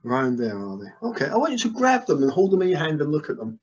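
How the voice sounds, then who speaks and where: A man's voice: on the high side, wildly swooping pitch, fast talker. A man acting as a hypnotist, guiding a session with soothing, repetitive trance suggestions over a video call. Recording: dull, lo-fi video call audio.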